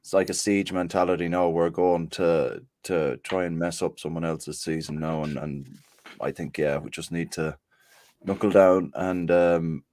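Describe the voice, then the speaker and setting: A man's voice: sits low, fairly even intonation, a little slow, darkish tone, dry recording. A man guesting on a casual football podcast, laid-back and casually sweary, at times reading out notices.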